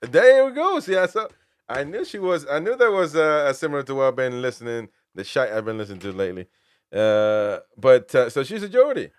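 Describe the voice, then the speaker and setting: Smooth-voiced man hosting casual football talk. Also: mid-range voice, sing-song, brisk, no echo, studio quality. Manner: rambling with restarts, says "man". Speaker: host.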